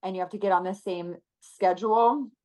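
A woman in her thirties talking earnestly and emotionally as a podcast guest, with many pauses and fillers. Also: mid-range voice, steady tone, a little mellow, poor audio. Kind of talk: casual interview chat.

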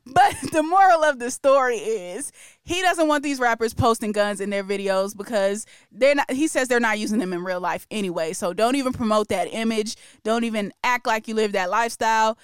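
A woman hosting a casual music podcast, talking through the news with strong opinions and frequent laughs. Her voice sits a little high and sounds smooth and crisp. The sound is dry and close. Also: fairly quick, no echo. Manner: chatty and opinionated, laughs often. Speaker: podcast host.

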